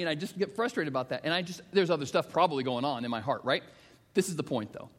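A middle-aged male pastor preaching a sermon, telling stories that swing from hushed to emphatic. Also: fairly high pitch, lively intonation, rapid-fire. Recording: long reverb of a large hall.

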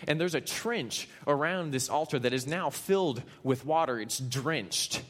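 A man from Kansas preaching a sermon, retelling a story with animated, playful asides. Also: a little high, a little slow, few pauses, long reverb tail. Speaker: pastor.

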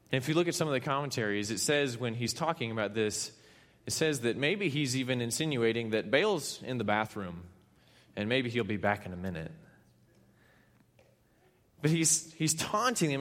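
A man from Kansas preaches a sermon, telling the story with lively, playful asides. His middle-pitched voice carries a long reverb, as if he were in a large hall. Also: normal speed. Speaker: pastor.

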